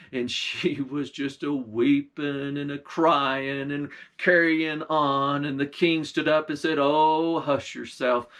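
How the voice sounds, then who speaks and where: A man's voice: fairly high pitch, fairly bright tone. A man, a pastor, telling a folktale in a folksy, old-time dialect. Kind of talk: folktale storytelling.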